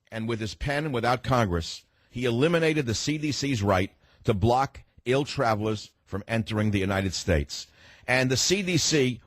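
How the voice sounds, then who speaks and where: A man's voice: medium pitch, no room sound. A man hosting a talk radio show, delivering a combative, emphatic monologue and cutting off callers from his studio.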